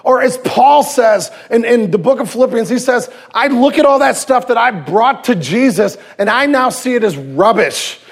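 A man in his thirties, a pastor preaching a sermon with lively storytelling, swinging from loud emphasis to hushed tenderness. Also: very high-pitched, normal speed, creaky, few pauses. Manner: acts out quoted voices and anecdotes.

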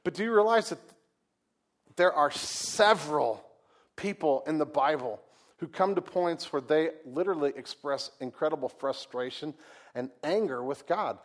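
A man's voice: fairly high pitch, expressive, normal speed. A man preaching a sermon as pastor, in a conversational, folksy way with humorous asides and rhetorical questions to the congregation.

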